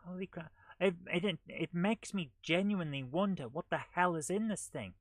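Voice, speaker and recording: A man's voice: high voice, moderate pace, dry recording. A man hosting a live gameplay stream, talking in an exasperated, grumbling way as things go wrong.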